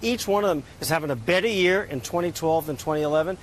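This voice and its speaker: A man's voice: fairly high pitch, fast, slight background noise. Upbeat man fielding interview questions. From United States. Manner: upbeat, talks in figures, frequent "uh" fillers. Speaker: export bank chairman, interview guest. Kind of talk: news interview answers.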